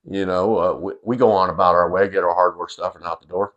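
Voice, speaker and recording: Low-pitched and fast, his voice is a bit bright with the highs cut off, and his intonation stays fairly even. The middle-aged man spins a humorous family story in a rambling, salty manner, packed with fillers and false starts.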